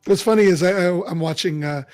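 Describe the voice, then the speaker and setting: A man's voice: high voice, fast, a little mellow, soft background music. A man in casual chat, chatty and a bit boastful, often laughing. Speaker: podcast co-host.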